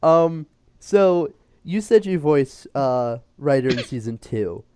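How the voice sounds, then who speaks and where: A man hosting a casual interview, chatty and quick to laugh. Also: a little high, animated, a little mellow, clear, resonant tone, no room sound. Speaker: interviewer host.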